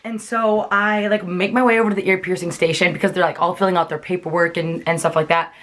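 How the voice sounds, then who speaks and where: A woman's voice: on the low side, steady tone, fast, fairly bright tone. A young woman telling a chatty storytime vlog, filling her sentences with "like". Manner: chatty, many fillers like "like". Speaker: vlogger.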